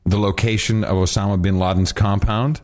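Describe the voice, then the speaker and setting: A man co-hosting a podcast, bantering in a jokey, animated way and slipping into mock voices. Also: lowish voice, brisk. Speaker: podcast co-host. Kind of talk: casual banter.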